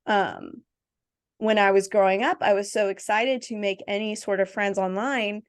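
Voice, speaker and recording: A woman hosts a podcast in a relaxed, chatty way, telling stories about her family with quick asides. Her voice sits at an everyday middle pitch. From family from Jamaica. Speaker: podcast host. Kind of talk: casual chat.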